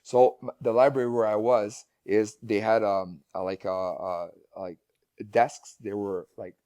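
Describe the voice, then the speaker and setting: A man's voice: fairly low pitch, level tone, a little slow, mellow, no echo. A man talking casually as a guest speaker in an interview, speaking with frequent restarts and repeated words. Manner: rambling, many restarts and repeated words, laughs often.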